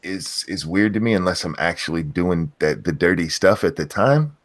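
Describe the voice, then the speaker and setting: A man's voice: deep voice, expressive, normal speed. A man co-hosting a casual live-streamed chat, tired and just woken up, trading drowsy joking banter. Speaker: podcast co-host.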